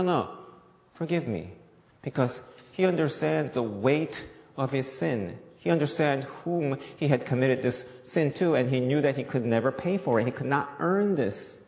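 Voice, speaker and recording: A male pastor preaches emphatically, repeating key points and questioning the audience. His mid-range voice is expressive and a little mellow, at normal speed, and the recording has a long, echoey reverb.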